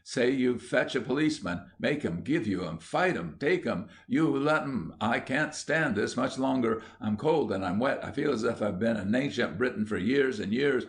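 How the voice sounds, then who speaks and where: A man's voice: medium pitch, lively intonation, moderate pace, few pauses, natural voice. A male narrator voicing an indignant schoolboy who grumbles about his troubles. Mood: urgent whisper.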